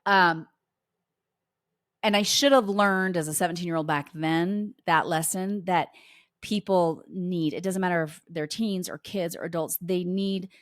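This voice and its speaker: A woman's voice: fairly low pitch, fairly even intonation, measured pace, no room sound, clean studio sound. A middle-aged woman hosting a homeschooling podcast, chatting casually and telling family stories as she acts out the dialogue. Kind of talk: casual anecdotal talk to listeners.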